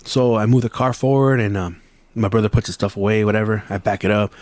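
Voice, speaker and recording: A man's voice: lowish voice, steady tone, quick pace, a little mellow, dry recording. A young man hosting a podcast who tells a story in loose, profane casual chat and drops Spanish phrases into his English. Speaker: podcast host.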